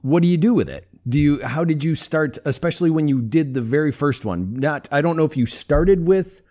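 A male podcast host asking his guest questions in a halting way, rephrasing his question as he goes. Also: on the high side, a little mellow. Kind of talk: casual interview questions.

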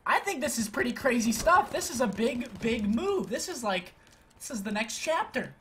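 A man's voice: extremely high pitch, sing-song, normal speed, a bit bright, slight background noise. A young man in his twenties from Pennsylvania, talking casually and playfully to his viewers in a hyped vlog from home. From Pennsylvania, USA. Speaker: gaming YouTuber.

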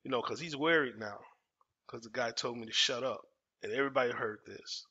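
A man's voice: medium pitch, brisk, pushed and bright, breathy edge. A man, telling a personal story in casual, emphatic talk and repeating phrases for effect. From Dallas, Texas. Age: 40s. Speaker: storytelling host. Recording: dull lo-fi audio.

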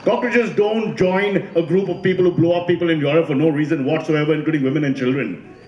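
A man performs stand-up and keeps quizzing and teasing his audience. His voice sits a bit high, and the sound carries a strong room echo. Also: fairly even intonation, quick pace, dull audio, a little hiss or hum. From India. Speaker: comedian. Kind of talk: stand-up comedy.

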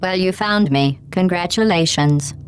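A woman's voice: fairly low pitch, a little slow, noisy background, lightly acted. A woman voicing a cold, sarcastic AI overseer. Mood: scornful. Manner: dry, condescending, threatening. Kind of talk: fan cartoon voice acting. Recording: music playing behind.

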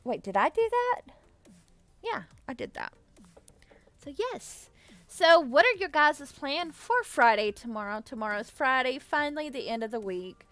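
A woman's voice: high voice, very animated, unhurried, fairly bright tone, soft background music. A young adult woman chatting casually with viewers on a live stream, bubbly and giggly, thanking them effusively. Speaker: livestreamer.

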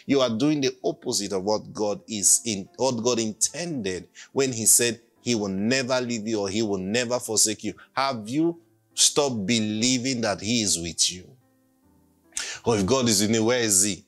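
A man's voice: medium pitch, moderate pace, a bit bright. A man preaching an emphatic sermon and leading the congregation in call-and-response. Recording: faint music behind.

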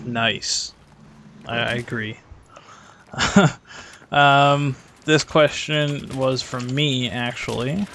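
A man's voice: medium pitch, fairly even intonation, very slow, pauses often, a bit bright, slight background noise. A man hosting a casual gaming-clan Q&A, reading out questions in an easy, amused manner. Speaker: interviewer reading viewer questions. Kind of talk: casual chat.

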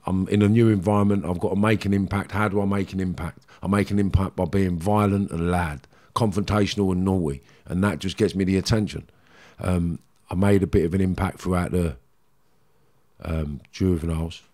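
A man's voice: low-pitched, fairly even intonation, fairly quick, warm tone. A middle-aged man with a London Cockney accent, a podcast guest candidly telling rambling, streetwise stories from his past. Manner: streetwise, rambling, frequent "do you know what I mean". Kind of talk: candid storytelling interview.

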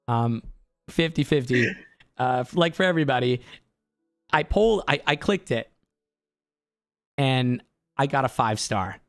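Hoarse man chatting on a stream. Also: mid-range voice, dry recording, faint music behind. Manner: excitable storyteller, quick to laugh. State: hoarse from an inflamed larynx. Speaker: streamer and voice actor. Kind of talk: casual streaming chat.

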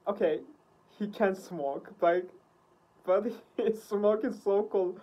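A woman with hosting a music video reaction, gasping, laughing and swearing excitedly. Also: mid-range voice, slow.

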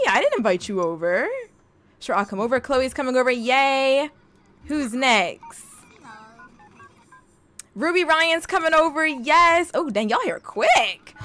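A young woman giving casual, slangy gameplay commentary, talking straight to her game character and breaking into excited exclamations. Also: a little high, normal speed. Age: young adult. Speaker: gaming video host.

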